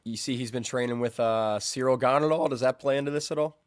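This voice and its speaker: A man's voice: mid-range voice, quick pace, dry recording, clean studio sound. A man hosting an interview, asking friendly, upbeat questions and laughing easily. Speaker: host, interviewer. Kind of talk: casual interview.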